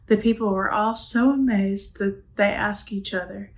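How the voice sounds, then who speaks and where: A woman's voice: mid-range voice, steady tone, moderate pace, few pauses, poor audio. Woman teaching a youth Bible class. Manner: asks the class questions and answers them herself; casual and conversational, with frequent "like". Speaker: middle school Bible teacher. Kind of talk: church youth Bible lesson.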